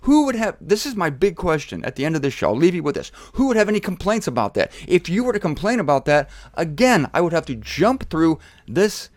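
Animated, irreverent man preaching. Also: a little high, fairly quick, hardly any pauses, dry recording, studio quality. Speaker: Bible teacher. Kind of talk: casual sermon on camera.

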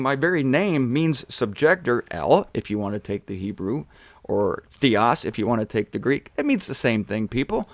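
Brief: man, Bible-teacher host, irreverent humor, expressive pitch, dry studio sound. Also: normal speed, dry recording. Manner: irreverent, joking, animated. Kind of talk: casual sermon on camera.

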